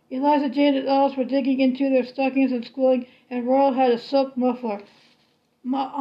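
High-voiced woman reading a storybook. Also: highs cut off. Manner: steady, unhurried storybook reading. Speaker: reader. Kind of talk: reading a children's novel aloud.

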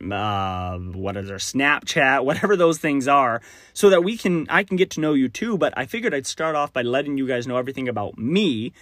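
A man's voice: mid-range voice, a bit bright, no echo, clean studio sound. Rambling friendly man hosting a podcast. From Texas. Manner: rambling, friendly, self-deprecating with frequent laughs. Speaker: podcast host. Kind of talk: casual solo podcast monologue.

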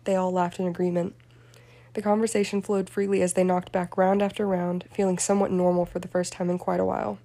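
Mellow woman reading a story. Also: fairly low pitch, little pitch movement, brisk, creaky. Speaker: audiobook reader. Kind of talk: fan fiction reading.

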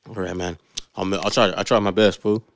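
A man's voice: sits low, steady tone, brisk, gravelly, no echo. A man co-hosting a podcast, telling stories in a laid-back, slangy way and swearing often. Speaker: podcast co-host. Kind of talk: casual chat.

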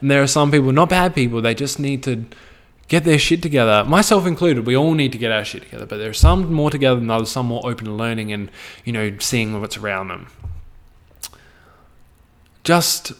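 A man's voice: medium pitch, fairly quick. An Australian man hosting a podcast, ranting casually with blunt, heavy swearing and a preachy tone. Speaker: podcast host.

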